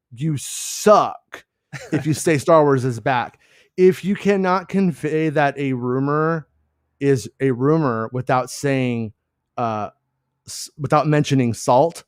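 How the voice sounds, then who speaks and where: A man's voice: dry recording, studio quality. Profane, rambling man on a fan podcast. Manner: rambling, animated, mocking asides in high put-on voices; profane, blunt rants. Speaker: podcast co-host. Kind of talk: casual fan podcast chat.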